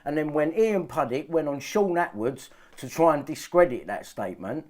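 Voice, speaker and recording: A man's voice: a little high, expressive, moderate pace. A man ranting to his viewers, agitated and swearing often, repeating himself to drive points home. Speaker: vlogger. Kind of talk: ranting monologue to camera.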